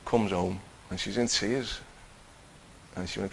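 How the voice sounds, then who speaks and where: A middle-aged man telling his personal Christian testimony in an earnest, halting way, with many restarts. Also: on the low side, steady tone, creaky, a little hiss or hum, rough recording. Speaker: Christian teacher giving testimony.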